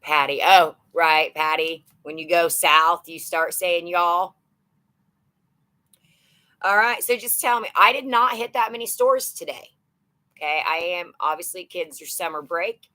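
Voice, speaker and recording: A chatty woman in her thirties hosts a live stream and greets viewers one by one. She talks slowly and rambles with fillers, in a bright voice that sits a little low. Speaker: live-stream host of a shopping channel.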